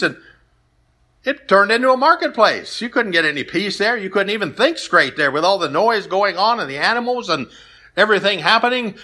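A man's voice: high-pitched, pushed and bright. A man preaching a sermon, retelling stories and scripture in a plain, conversational way. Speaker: pastor.

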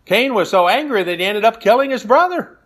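Bright-voiced man preaching a sermon. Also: high-pitched, expressive, brisk. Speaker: pastor.

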